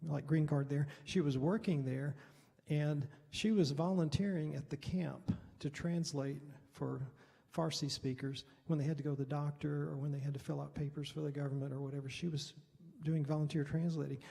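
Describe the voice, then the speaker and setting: A man's voice: on the high side, fairly even intonation, moderate pace, creaky, hardly any pauses, mellow. A middle-aged man, a Baptist pastor, telling a mission story at a Bible study in a loose, rambling, conversational way. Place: church hall. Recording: reverberant hall.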